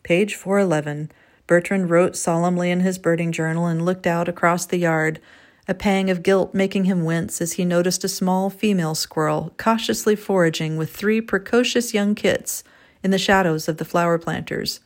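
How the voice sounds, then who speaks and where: A woman with a fairly low voice reads a gentle storybook tale aloud. Her narration is measured and expressive. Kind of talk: scripted storytelling.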